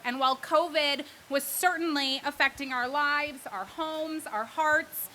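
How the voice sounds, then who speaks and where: A woman with a high voice speaks from a podium at an outdoor charity event. Her tone is bright and sharp. She talks earnestly and stops for asides and thanks. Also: slight background noise. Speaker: president and CEO of the organization. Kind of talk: prepared speech at a charity event.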